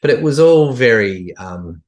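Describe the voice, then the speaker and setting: A man's voice: mid-range voice, animated, a little slow. A middle-aged man with an Australian accent, chatting casually as a podcast guest, telling a story with many restarts and fillers. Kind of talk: casual chat.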